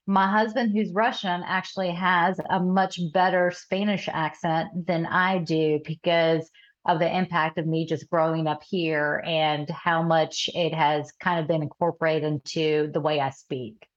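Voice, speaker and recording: A woman's voice: low-pitched, flat delivery, a little slow, highs cut off. A woman from the American South with a light Southern accent, a guest talking earnestly and modestly, restarting her words now and then. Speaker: podcast guest. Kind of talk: casual interview chat.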